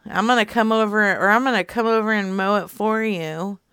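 A woman's voice: mid-range voice, a little fast, a bit bright, clean tone, dry recording, clean studio sound. A woman streaming live as she makes prank phone calls, teasing and mock-stern with the people she rings.

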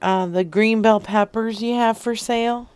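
A woman's voice: on the high side, steady tone, normal speed, a little mellow, smooth. A woman hosting a podcast, making crude, sassy prank phone calls and laughing often. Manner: sassy, brash, laughs a lot. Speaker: prank-calling podcast host.

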